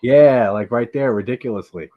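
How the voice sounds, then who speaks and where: A man's voice: medium pitch, moderate pace. A man hosting a casual live movie-watch chat, rambling with lots of "like" fillers and frequent laughter. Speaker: host. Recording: dull lo-fi stream audio.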